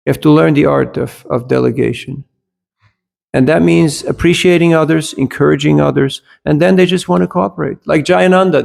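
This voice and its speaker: Here the voice is gravelly and pitched fairly high. He's a man telling anecdotes during a scripture lesson, chatting with his listeners and often checking in on them, with a brief shift into German along the way.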